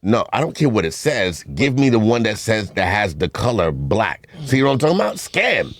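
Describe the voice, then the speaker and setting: A man's voice: fairly low pitch, very animated, normal speed, dry recording. A man, co-hosting a podcast and trading teasing banter while telling stories on a studio mic. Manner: teasing, boastful storyteller. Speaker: podcast co-host. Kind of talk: casual banter.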